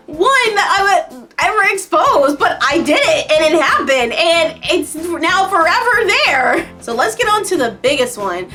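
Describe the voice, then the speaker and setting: A young woman vlogger telling a story to camera in a casual, excitable way, breaking into high squeals as she retells it. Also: measured pace, music in the background.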